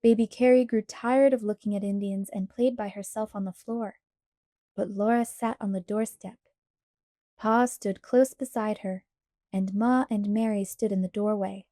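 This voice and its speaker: A woman reading a children's novel aloud as an audiobook, steady and measured. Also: mid-range voice, no room sound, clean studio sound. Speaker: audiobook reader. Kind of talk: storybook read-aloud narration.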